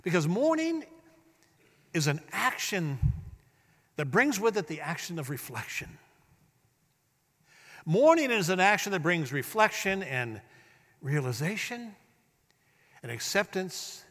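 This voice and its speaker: A man preaching a sermon as pastor, swinging between hushed, drawn-out words and loud, emphatic bursts. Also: on the high side, big pitch swings. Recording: long hall reverb.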